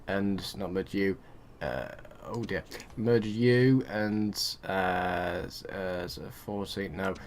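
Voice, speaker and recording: A man's voice: sits low, takes it slowly, a little hiss or hum. A young man giving casual let's-play commentary, rambling and chatting to his game units with muttered asides. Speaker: gaming video host.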